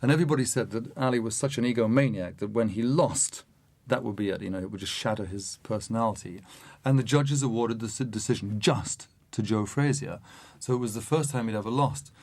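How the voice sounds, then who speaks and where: A man's voice: lowish voice, a little fast. Man telling a story with laughs. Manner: animated, laughs often while telling. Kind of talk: anecdotal storytelling.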